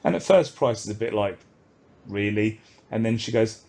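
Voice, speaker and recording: A podcast co-host recaps an episode in casual conversation, animatedly acting out the characters' lines as he retells it. He speaks at a normal speed in a lowish, gravelly voice.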